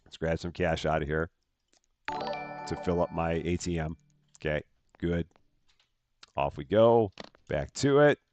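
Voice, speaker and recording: A man's voice: sits low, measured pace, long pauses, darkish tone, highs cut off, faint music behind. A man chatting casually as he live-streams a game at home, thanking viewers by name and laughing at himself. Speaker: streamer playing a bank simulator game.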